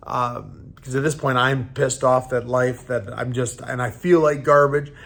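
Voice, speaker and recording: A man in his thirties, a professional fighter, telling a story casually in a halting way and acting out the lines of the people in it. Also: medium pitch, fairly even intonation, gravelly, fairly bright tone. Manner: halting retelling, acting out quoted dialogue.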